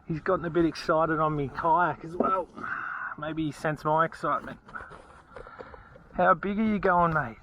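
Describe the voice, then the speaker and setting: An Australian man fishing from a kayak outdoors, narrating to an action camera and bursting into excited exclamations. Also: sits high, slow pace, pauses often, a little hiss or hum. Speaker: fishing vlogger. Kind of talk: casual fishing commentary. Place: outdoors on a kayak on open water.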